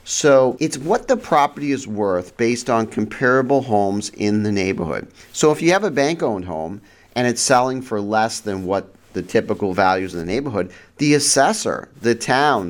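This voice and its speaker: A man hosting a real estate advice show, talking casually with frequent restarts, rhetorical "right?" checks and sudden jumps in pitch for emphasis. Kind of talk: casual explanatory monologue. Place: central New York region.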